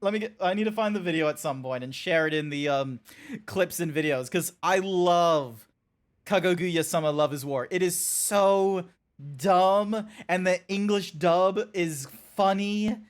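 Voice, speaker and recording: Excitable rambling Australian man streamer. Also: sits high, unhurried, clean tone. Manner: excitable, rambling, laughs often. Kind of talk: casual game-stream chat.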